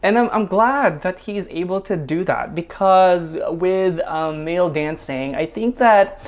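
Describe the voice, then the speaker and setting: Slow, chatty man reacting to dance. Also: sits high, lively intonation. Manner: chatty, laughing often, many filler ums. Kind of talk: casual reaction commentary.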